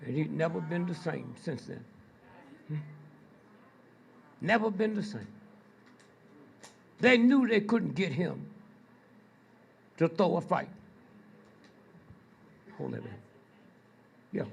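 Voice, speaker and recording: Gravelly older man lecturing slowly. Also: fairly high pitch, expressive, a little hiss or hum. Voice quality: gravelly, husky. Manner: prods the audience with repeated "Hmm?" and "Huh?"; slow, drawn-out delivery with pointed pauses. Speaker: speaker addressing an audience. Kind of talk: storytelling lecture to a live audience.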